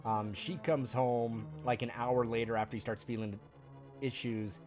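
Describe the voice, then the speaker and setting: A man streaming a video game tells a long, rambling story in casual chat, laughing and using plenty of fillers, with faint game music in the background. His mid-range voice keeps a steady tone, unhurried and a little mellow.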